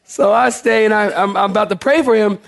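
A man's voice: sits high, fairly quick, vocal fry, dry recording. A male pastor preaching a sermon to a congregation, telling a story with humor and big swings in his voice.

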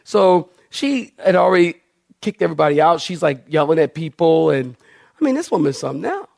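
A male pastor delivers a sermon to his congregation, mixing scripture with a lively, humorous story. His voice sits high for a man and carries a gravelly edge. He jumps between quiet asides and loud, animated peaks. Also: a little fast, no room sound, clean studio sound. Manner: animated, humorous storytelling with big pitch swings.

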